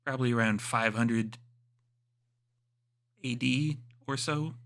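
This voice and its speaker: A man's voice: mid-range voice, slow, fairly bright tone. A man running a tabletop role-playing game, talking offhand with many fillers. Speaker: game master. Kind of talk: narrating and voicing a tabletop game.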